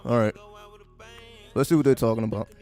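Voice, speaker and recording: A man's voice: mid-range voice, steady tone, fairly quick, dark tone. A man giving casual livestream commentary, profane and sarcastic, firing off repeated rhetorical questions. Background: faint background music.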